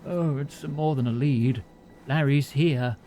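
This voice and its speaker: A man voicing a weary male secret agent held prisoner in a game, speaking slowly and gravely. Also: medium pitch, dark tone, close to an everyday voice. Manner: slow, grave, matter-of-fact.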